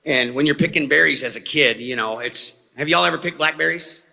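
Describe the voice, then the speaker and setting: Slightly high, quick and gravelly, this man's voice comes across pushed and bright. He's an eyewitness at a talk, telling a story in a folksy, rambling way to a live audience in a hall, often asking "okay?". The sound is reverberant, as in a hall.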